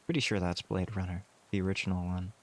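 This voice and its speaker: Deep-voiced man, wry game commentary. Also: level tone, quick pace. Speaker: gaming streamer. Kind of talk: casual let's-play commentary.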